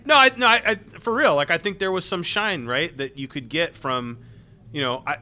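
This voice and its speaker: A man on a convention panel, recalling his years as a game tester. His voice is bright and forward, and he rambles with plenty of restarts and little laughs. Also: a little high, moderate pace.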